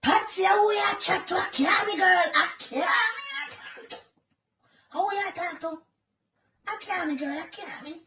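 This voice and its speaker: A woman with a Jamaican accent giving comic reaction commentary, wailing in melodramatic, drawn-out exclamations. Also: extremely high pitch, very noisy.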